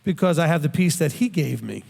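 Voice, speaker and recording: A middle-aged man with a fairly high voice, teaching scripture in an earnest, conversational way. He is plain-spoken and often restarts or repeats a word as he works out his thought. His voice rings with a long reverb, as if recorded in a hall. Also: expressive, brisk, vocal fry, darkish tone, breathy edge. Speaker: Bible teacher.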